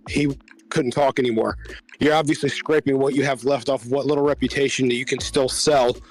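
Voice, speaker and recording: Regular-pitched guy on a podcast, measured opinions, lots of ums, faint music under it. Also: low-quality recording. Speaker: podcast co-host. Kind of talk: casual chat.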